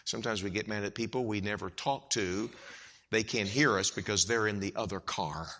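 A man preaching an evangelical sermon, swinging from hushed, slow lines to loud, emphatic outbursts. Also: fairly low pitch.

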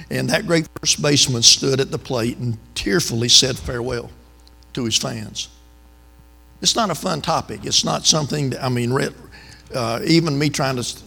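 An older man with a drawl preaches in a church, telling homespun stories and turning often to the congregation. His voice is gravelly, at an ordinary pitch for a man, and the sanctuary gives it a long ringing tail. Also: bright, forceful tone, big-room sound. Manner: folksy, drawling, storytelling with asides to the congregation. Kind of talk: sermon with folksy stories.

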